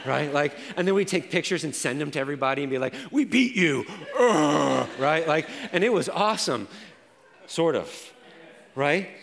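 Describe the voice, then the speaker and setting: A man preaching a sermon as pastor, telling personal stories and moving from quiet reflection to intense emphasis. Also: medium pitch, in a large hall.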